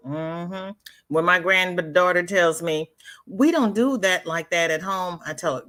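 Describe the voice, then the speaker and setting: A livestream host, an older woman, crochets on camera and talks casually with her audience in a lowish, slightly slow, a bit bright voice. She's emphatic and sassy, saying things more than once.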